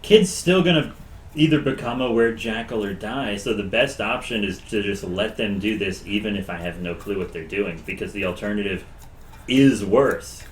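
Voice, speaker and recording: A man who plays in a tabletop game, recalling the session in an animated, joking way. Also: fairly low pitch, moderate pace, a little hiss or hum. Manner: animated, joking, laughs often. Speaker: player. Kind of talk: casual recap of a tabletop game. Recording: roomy echo.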